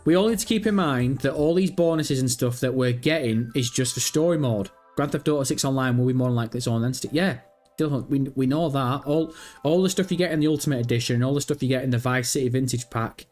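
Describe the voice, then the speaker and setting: This livestream host is a man whose medium-pitched, somewhat mellow voice moves a little quickly. He reads out messages from viewers and wanders through his answers, cursing without restraint, over faint background music.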